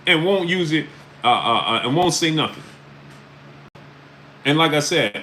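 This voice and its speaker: A man's voice: on the high side, animated, unhurried, pauses often, a little hiss or hum, low-quality recording. A man hosting a casual livestream, greeting chat names and filling his talk with "uh" and "right?". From New York area. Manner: repeats "right?" and "uh" often, shouting out chat names. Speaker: livestream host. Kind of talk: casual live-stream commentary. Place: New York.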